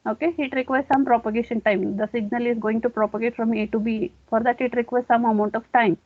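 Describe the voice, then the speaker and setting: A woman teaches a technical class, walking through each point slowly and checking in with a frequent okay. Her voice sits a little high. The sound is dry and narrow, like a phone line. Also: steady tone, no echo. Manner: explains step by step, often saying okay. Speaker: lecturer. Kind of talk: classroom lecture.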